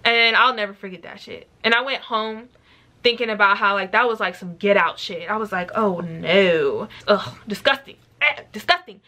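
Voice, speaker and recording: A young woman vlogger telling a story in a blunt, profane and animated way. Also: medium pitch, a little fast. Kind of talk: casual storytime.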